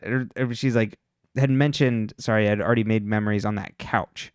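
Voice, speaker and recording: A man talks through a TV recap with easy, rambling chattiness, his words full of filler. His voice sounds smooth and resonant at a middling pitch. The sound is close and dry. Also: moderate pace, no room sound. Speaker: podcast co-host recapping episodes. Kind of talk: casual recap chat.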